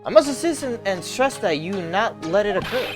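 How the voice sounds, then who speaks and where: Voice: medium pitch, animated, moderate pace, music in the background, close to an everyday voice. Stern older matriarch, voiced by a streamer, stiff archaic politeness, wide-ranging delivery. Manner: stiff, archaic politeness, repeats "good sir". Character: stern, formal older woman, head of a spirit-medium family.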